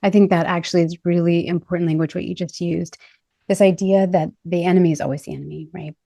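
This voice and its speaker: A woman's voice: on the low side, fairly even intonation, fast talker, gravelly, mellow, no echo. A woman in a casual podcast conversation who talks animatedly, laughs often and acts out what people said. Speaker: podcast host and body image coach.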